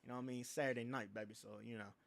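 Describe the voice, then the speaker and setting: A man's voice: medium pitch, steady tone, rapid-fire, vocal fry. A young man hosting a livestream, ranting in a casual, profane way with laughs and repeated filler phrases. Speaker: livestream host.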